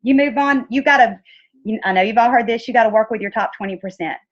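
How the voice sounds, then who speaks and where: A woman's voice: fairly high pitch, fast talker. A woman chatting casually and upbeat, acting out the people she quotes. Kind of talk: casual chat. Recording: dull lo-fi audio.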